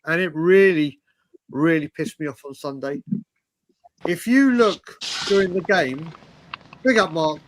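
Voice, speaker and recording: A man's voice: on the high side, a little slow, long pauses. Eager man cutting in on a panel. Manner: apologetic then eager to vent. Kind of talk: livestream fan chat.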